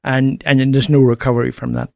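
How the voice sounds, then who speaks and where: A man's voice: mid-range voice, little pitch movement, quick pace, gravelly, dark tone, no echo, clean studio sound. A man with an Irish accent, a guest on a radio show, talking earnestly and rambling a little, restarting his sentences. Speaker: guest, men's radio program presenter. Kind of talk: casual radio interview. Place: radio studio.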